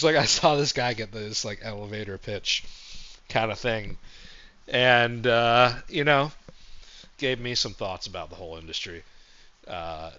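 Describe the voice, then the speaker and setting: A man hosting a livestream, rambling through a comedic monologue with sarcastic, deadpan jokes. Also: lowish voice, dull audio. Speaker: streamer host.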